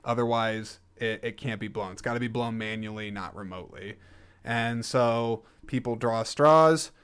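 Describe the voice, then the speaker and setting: Homem de voz lisa comentando um filme. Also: male voice, mid-range voice, moderate pace, fairly bright tone, clean tone. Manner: rambling, jokey, self-correcting. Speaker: podcast host reviewing a film. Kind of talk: casual solo film review.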